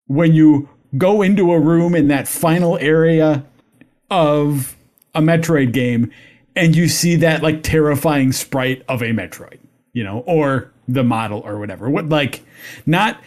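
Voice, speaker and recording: A man with a slightly raised pitch talks through his thoughts on a game in a relaxed podcast chat. He hedges often and circles back to find the right word, and the delivery stays thoughtful and unhurried. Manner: reflective, hedging, searching for words. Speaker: podcast panelist. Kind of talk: casual video game discussion.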